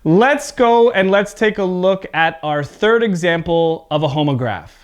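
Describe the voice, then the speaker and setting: Slow, clear-voiced male English teacher. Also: high-pitched, lively intonation. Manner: slow, deliberate explaining with frequent "okay?" check-ins; exaggerates word stress in repeated demonstration words. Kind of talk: online pronunciation lesson.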